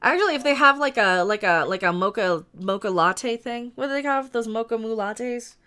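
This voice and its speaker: Woman host, ranting livestream talk, blunt and fairly high, bright tone. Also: lively intonation, clean tone. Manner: ranting, blunt, quick asides. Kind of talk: casual opinion livestream.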